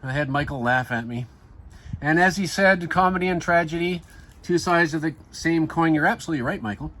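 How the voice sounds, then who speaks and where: A man's voice: fairly high pitch, fairly quick, pushed and bright. A man casually narrating his hobby garden railway, chatty and a little sentimental. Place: outdoors in a garden. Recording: outdoor background noise.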